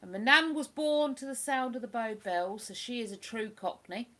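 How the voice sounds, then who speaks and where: A woman from England hosting a casual livestream chat, rambling and cooing softly to her dog between remarks. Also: a little high, animated, moderate pace. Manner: chatty, drops to soft cooing baby talk with her dog. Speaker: livestream host.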